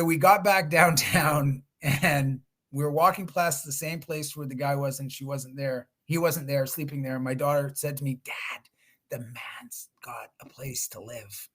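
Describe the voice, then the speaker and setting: Middle-aged male guest speaker, mid pitch, chatty storyteller on a video call. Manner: conversational, restarts, acts out quotes. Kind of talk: webinar storytelling.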